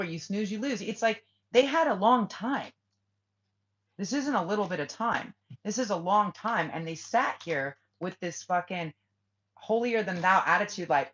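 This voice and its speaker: A woman's voice: lowish voice, a bit bright. A woman giving a casual spiritual reading to her viewers, blunt and swearing freely as she acts out what people say. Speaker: tarot reader. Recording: lo-fi muffled audio.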